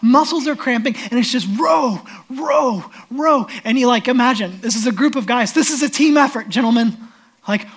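A pastor delivering a sermon, telling the story with animated swings between loud emphasis and hushed, near-whispered lines. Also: male voice, extremely high pitch.

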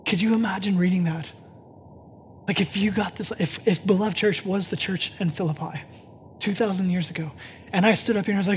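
Conversational pastor preaching. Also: male voice, high-pitched, a little fast, breathy edge. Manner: conversational, swings from hushed to excited. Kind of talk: sermon. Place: church sanctuary.

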